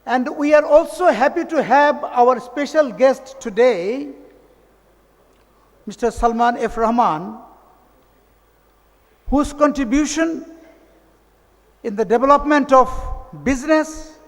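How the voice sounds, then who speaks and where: A man with a Bangladeshi accent giving a formal, measured welcome speech at a conference, sometimes restarting his phrases. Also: extremely high pitch. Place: large hotel conference hall. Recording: echoey hall reverb.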